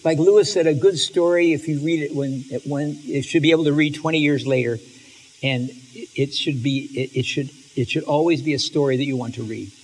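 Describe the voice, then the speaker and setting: A man giving an animated, emotional lecture on stories, reading passages aloud and often restarting his sentences. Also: fairly high pitch, fairly quick, slight background noise. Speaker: speaker on literature and faith.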